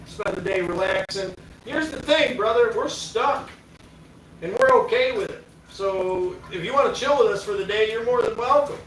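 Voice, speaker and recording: A man hosts a casual stream, teasing his viewers in an easygoing way with plenty of swearing. His voice sits high. It comes from a distance in an echoey spot, with faint noise underneath. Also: moderate pace, a bit bright. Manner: laid-back, teasing, swears freely. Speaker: livestream host. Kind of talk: casual chat.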